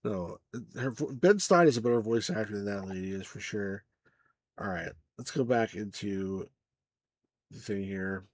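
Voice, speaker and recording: A man's voice: on the low side, normal speed, dry recording. A man hosting a casual let's play, chatting loosely and muttering asides to himself. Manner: laid-back, mumbles asides to himself. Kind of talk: casual gameplay chat.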